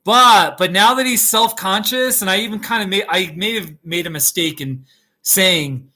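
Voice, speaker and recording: A man rambles through a live stream from his kitchen, chatting with viewers and breaking into laughs. His voice sits a little high and sounds bright and forward. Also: normal speed. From United States. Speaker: YouTube host. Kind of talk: casual live-stream chat. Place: home kitchen.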